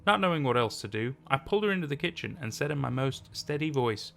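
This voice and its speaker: Gravelly-voiced man narrating horror. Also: mid-range voice. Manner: steady, measured reading. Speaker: storyteller.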